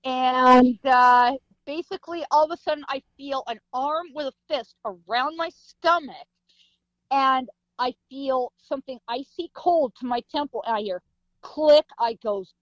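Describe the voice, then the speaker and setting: A woman's voice: high voice, unhurried, fairly bright tone, dry recording, lo-fi sound. A woman guest, a psychic medium, telling a story vividly in an interview, acting out sounds and voices. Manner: vivid storytelling with sound effects and acted quotes.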